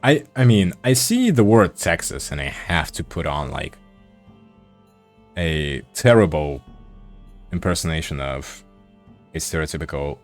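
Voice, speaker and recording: A man's voice: extremely low pitch, expressive, measured pace, long pauses, soft background music. A man streaming while he draws, chatting casually and swearing offhandedly. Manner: laid-back, swears casually. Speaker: art streamer.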